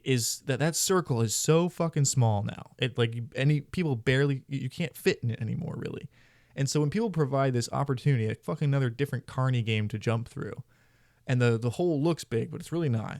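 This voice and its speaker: A man's voice: mid-range voice, a little mellow, dry recording, studio quality. A man hosting a podcast, talking casually in a rambling, profane way with many restarts. He is from Florida. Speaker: podcast host. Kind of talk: casual conversation.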